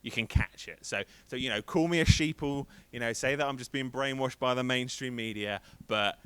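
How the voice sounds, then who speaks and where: A man's voice: medium pitch, normal speed, fairly bright tone, clean tone, no room sound. A man in his thirties doing a rambling, self-deprecating stand-up set on a stream. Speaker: stand-up comedian.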